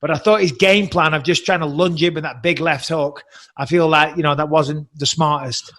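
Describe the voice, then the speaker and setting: A man's voice: on the high side, steady tone, moderate pace, a bit bright. A middle-aged man hosting an interview, telling stories and joking with swearing banter. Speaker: podcast host and commentator. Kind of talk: casual interview chat.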